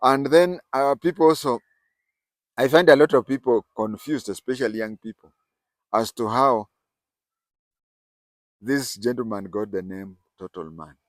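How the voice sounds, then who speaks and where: A man's voice: medium pitch, a little slow, long pauses, dry recording. Older man telling stories. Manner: animated, rising and falling emphasis. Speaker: storyteller host. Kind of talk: casual spoken storytelling.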